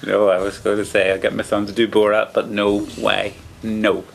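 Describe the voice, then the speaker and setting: A man's voice: lowish voice, monotone, moderate pace, vocal fry, a little hiss or hum. A man with a Northern Irish accent, a politician jokingly refusing requests.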